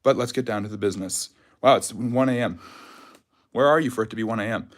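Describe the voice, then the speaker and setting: A man's voice: lowish voice, fast talker, no room sound. A man hosting a casual history Q&A livestream, out of breath after a jog, rambling loosely with lots of fillers and restarts. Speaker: history channel host.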